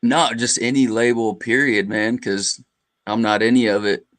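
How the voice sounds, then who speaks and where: Give me a smooth, dry-voiced Illinois man. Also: medium pitch, fairly even intonation, moderate pace, a bit bright, no echo. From Illinois, USA. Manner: blunt, laid-back, swears freely. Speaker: call-in guest. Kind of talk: casual livestream chat.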